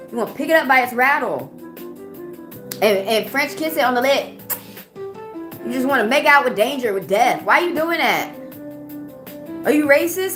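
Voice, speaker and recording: Young female streamer, heated and confrontational, somewhat high voice, music playing under her. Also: echoey room. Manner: confrontational, rapid-fire rhetorical questions. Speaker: livestream host. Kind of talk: heated casual livestream rant. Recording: music playing clearly behind.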